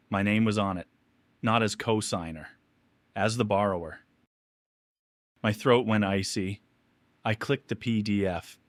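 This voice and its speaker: A man with a low voice tells a first-person confession story in a measured, somber tone. The sound is dry and close, with no room around it. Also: no echo.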